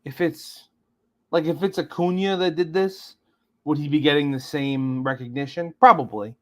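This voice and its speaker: Fairly high-voiced man weighing sports stats. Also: fairly bright tone. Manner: analytical, halting with frequent restarts. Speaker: podcast co-host. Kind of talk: casual sports chat.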